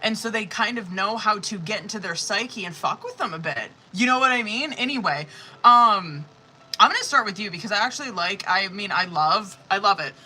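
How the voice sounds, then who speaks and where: A woman hosting a live tarot reading. Her voice is very bright and sharp at a middle pitch. She talks in a loose, rambling way, full of fillers and swearing, with emphatic, exasperated asides. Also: animated, normal speed, slight background noise, poor audio. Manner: casual, profane, rambling with many fillers. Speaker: tarot reader.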